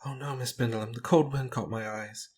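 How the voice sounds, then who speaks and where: A frightened young woman speaks in a soft, tearful way, hesitant and meek, as a man reads her part. Her voice sits well above the reader's own and stays hushed. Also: mid-range voice, fairly even intonation, brisk, pitched above the performer's own voice, natural voice. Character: timid frightened young female companion.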